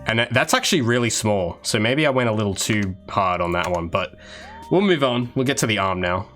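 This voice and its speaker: A man's voice: lowish voice, lively intonation, fairly quick, fairly bright tone, soft background music. A man, a game developer, chatting casually with viewers on a live stream while he works, rambling with restarts and asides. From Australia. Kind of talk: casual livestream chat while working.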